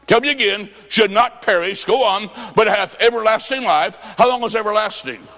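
A man preaching a sermon, telling stories and acting out both sides of a conversation, jokey and emphatic, swinging between loud and soft. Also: sits high, normal speed, big-room sound.

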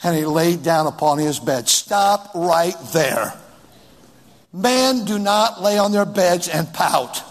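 A male preacher delivers a sermon, reading scripture and hammering home repeated exhortations. His voice sits high and husky. Every line rings out with long church reverb. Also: takes it slowly. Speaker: pastor.

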